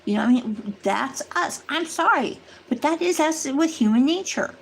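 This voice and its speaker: Woman with a gravelly fry, earnest. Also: high-pitched, lively intonation, moderate pace, rough recording. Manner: earnest, rambling, warning tone; addresses viewers directly. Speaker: livestream host. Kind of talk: casual chat to a live audience.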